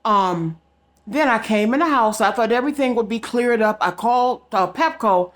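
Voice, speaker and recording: A woman's voice: on the high side, animated, moderate pace. A woman telling a story straight to her viewers in a casual vlog, emphatic and direct. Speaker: psychic vlogger.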